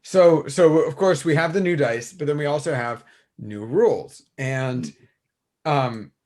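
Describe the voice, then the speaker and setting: Animated, rambling male podcast co-host. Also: fairly high pitch, a little slow. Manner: animated, rambling, swears casually. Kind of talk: casual chat about tabletop wargaming.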